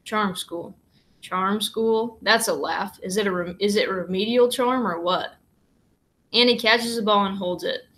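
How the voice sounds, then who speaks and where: A woman reading a children's novel aloud in a steady, plain storybook manner, with only light changes for the characters. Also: mid-range voice, normal speed, rough recording. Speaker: reader.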